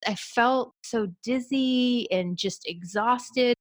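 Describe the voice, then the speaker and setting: A woman's voice: on the high side, takes it slowly, no echo. A woman telling a personal story in casual conversation, reflective and candid, and she laughs easily.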